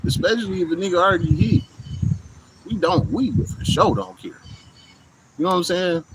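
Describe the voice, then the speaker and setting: Heavy background noise surrounds a male vlogger's casual, blunt, profane monologue to camera, recorded outdoors in hot weather. He talks at normal speed in a high voice and often says "you know what I'm saying."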